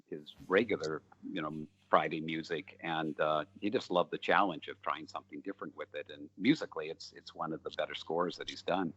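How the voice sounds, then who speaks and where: A man's voice: low voice, a bit bright, muffled recording. An older man, a film director, answering interview questions in a rambling, storytelling way with many fillers. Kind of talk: relaxed interview talk.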